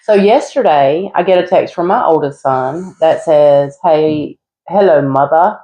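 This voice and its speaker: A woman's voice: deep voice, a little slow, muffled recording. A middle-aged woman, co-hosting a podcast and telling chatty family stories. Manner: chatty, animated storyteller. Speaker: podcast co-host. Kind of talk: casual chat.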